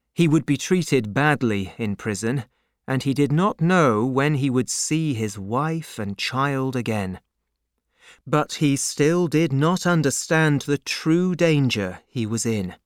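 Slow, expressive male audiobook narrator. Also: medium pitch, no echo, studio quality. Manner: slow, measured reading with lively intonation.

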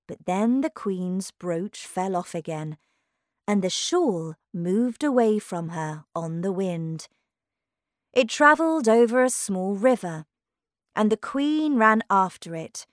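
A woman's voice: mid-range voice, animated, slow pace, no echo, clean studio sound. A woman narrating a children's storybook aloud. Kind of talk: storybook reading.

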